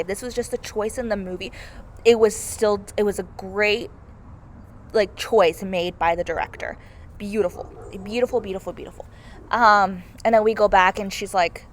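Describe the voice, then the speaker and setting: A woman's voice: mid-range voice, steady tone, moderate pace, a bit bright. A young woman giving a casual, gushing movie review, peppered with "like" and "oh my God", over faint background noise. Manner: gushing, heavy use of "like" and "oh my God".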